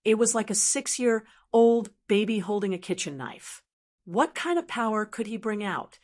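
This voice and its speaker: A woman narrating a fantasy web-novel audiobook in a steady, even reading. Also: mid-range voice, normal speed.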